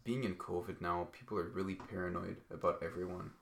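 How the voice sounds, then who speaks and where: A man's voice: low voice, fairly quick, gravelly. A young man co-hosting a podcast in casual chat, swearing freely and telling stories with energy. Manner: animated storyteller, swears freely. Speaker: podcast co-host. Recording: echoey room.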